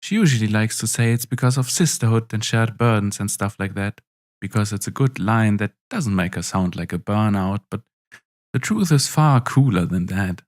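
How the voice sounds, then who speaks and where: A man narrating a story in a wry, expressive way. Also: fairly low pitch, normal speed.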